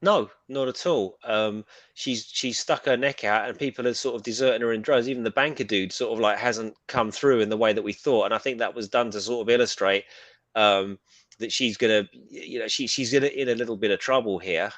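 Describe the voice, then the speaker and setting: A British man co-hosting a casual pop culture chat, talking in a rambling, animated way with casual swearing. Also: fairly low pitch, a little fast, no echo. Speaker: co-host.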